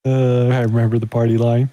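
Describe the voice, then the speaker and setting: A man's voice: mid-range voice, little pitch movement, moderate pace, mellow, dry recording, lo-fi sound. A man hosting a live talk show, reminiscing in an easygoing casual way. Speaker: host. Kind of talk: casual chat.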